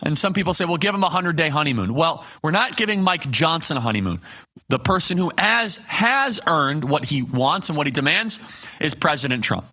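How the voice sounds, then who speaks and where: A man hosting a live political talk show, speaking in a bright, forceful voice that sits a little higher than most. He builds his points through rhetorical questions and punchy lists, hitting each one hard. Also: animated, brisk.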